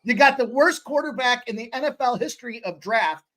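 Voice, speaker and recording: A man co-hosting a live sports betting show, arguing his picks in an animated, profane way. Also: very high-pitched, fairly quick. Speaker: sports talk show co-host. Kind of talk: casual sports betting chat.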